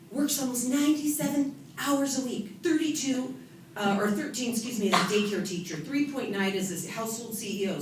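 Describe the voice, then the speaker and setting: A woman from California gives a humorous motivational talk to an audience, telling stories about herself with a lively, self-mocking manner. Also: medium pitch. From California, USA. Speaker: author and event speaker. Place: event hall with an audience. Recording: echoey room from a distant mic with noise.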